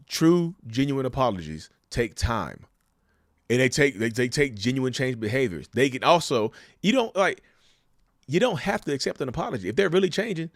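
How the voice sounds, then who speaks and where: A man's voice: medium pitch, no echo, clean studio sound. A man giving casual, emphatic commentary on relationships, asking the viewers rhetorical questions and calling them y'all. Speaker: commentator sharing a narcissist's view.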